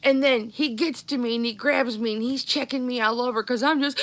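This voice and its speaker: In a fairly high, fairly bright voice, a middle-aged vlogger recounts a story from her childhood to her live viewers. Her storytelling is casual and chatty, and she performs the characters as she goes.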